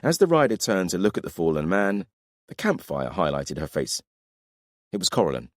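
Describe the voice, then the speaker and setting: A man narrating a fantasy audiobook with expressive storytelling. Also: sits low, moderate pace, no room sound, studio quality. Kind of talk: scripted narration.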